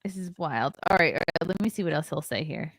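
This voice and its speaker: A woman's voice: low voice, expressive, quick pace, a bit bright, dry recording. A woman hosting a podcast, chatting casually and mocking the man in a video she is reacting to. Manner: blunt, mocking. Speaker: podcast host.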